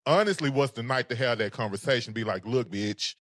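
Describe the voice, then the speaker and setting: A man co-hosting a casual recap show, talking in a sassy, animated way. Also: mid-range voice, fast, no echo, studio quality. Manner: sassy, animated, sings phrases. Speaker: podcast co-host.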